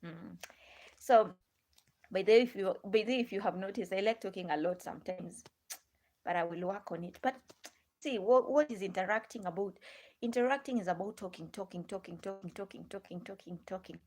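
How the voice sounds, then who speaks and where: A woman's voice: medium pitch, fairly quick, long pauses, a little mellow. A woman with a Ghanaian English accent hosting a live stream, chatting to viewers in a rambling way, repeating herself and asking them many questions.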